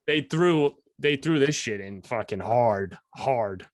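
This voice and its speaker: A man co-hosting a podcast, telling stories in a casual, profane, animated way. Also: mid-range voice, takes it slowly, dry recording, clean studio sound. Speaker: podcast co-host. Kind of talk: casual chat.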